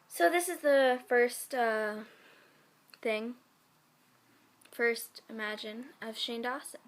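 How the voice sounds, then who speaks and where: A fairly high-voiced woman reads fan stories aloud in a casual way. She is sick with a sore throat. She often stumbles over her words and breaks off to react with gasps and sighs. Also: slow pace. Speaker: YouTuber reading fan fiction.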